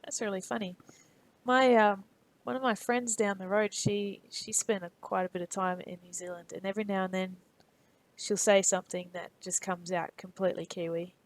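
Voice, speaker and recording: An Australian woman streams live, chatting easily with viewers as she works on a model. Her voice sits at a middling pitch with a noticeable gravelly fry. She talks loosely and laughs often. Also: steady tone, moderate pace. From Perth, Western Australia. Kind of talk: casual live-stream chat while modeling.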